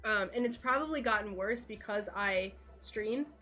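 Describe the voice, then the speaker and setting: A woman's voice: medium pitch, normal speed, bright, forceful tone, soft background music. A woman chatting casually on a livestream while she crafts stained glass in her home workshop. She laughs often and talks to herself as she works.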